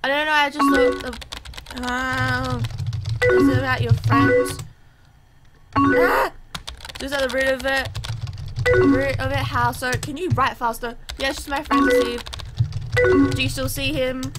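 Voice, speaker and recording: A woman's voice: high voice, measured pace, loud music behind the voice. A woman hosting a gaming channel, reading both sides of a chat game's messages aloud in a chatty, reactive way.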